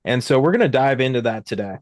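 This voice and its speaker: A man's voice: mid-range voice, lively intonation, fast talker, no room sound, clean studio sound. A young adult man hosting a live market show, talking casually and rambling, with many fillers and restarts. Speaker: host. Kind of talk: casual livestream market talk.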